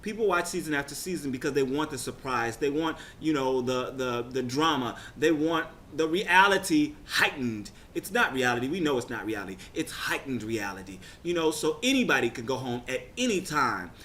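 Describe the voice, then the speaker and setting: A man casually recapping a TV results show, chatty and excitable, rambling with frequent restarts. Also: medium pitch, moderate pace, few pauses, slight background noise.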